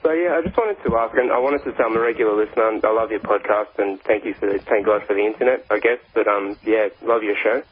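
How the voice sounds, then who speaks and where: An Australian man phones a radio show and asks his question with polite hesitation. His voice is low and husky, and it comes through a dull, lo-fi line. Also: fast talker, few pauses. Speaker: caller.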